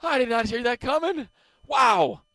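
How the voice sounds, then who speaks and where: Sports radio guy, kinda high voice, swings up and down a lot, dry studio. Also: a little slow, gravelly, no echo. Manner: animated, laughing reactions. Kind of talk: casual sports talk banter.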